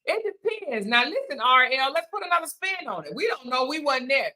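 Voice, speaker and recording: A woman hosting a casual chat, reading viewer comments aloud and reacting in a lively, teasing way with frequent laughter. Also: high voice, brisk. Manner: animated, teasing, laughs often, playful asides.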